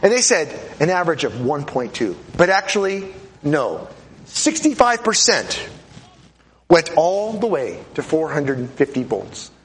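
Animated male lecturer, high lively voice. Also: measured pace, a little hiss or hum. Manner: animated, urging, repetitive, acts out voices. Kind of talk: classroom lecture with live demonstration. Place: lecture hall with audience.

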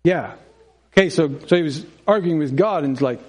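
A man's voice: on the high side, moderate pace. A man preaching a sermon in a conversational way, often chuckling and asking his congregation questions. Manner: conversational, acts out dialogue, asks congregation questions.

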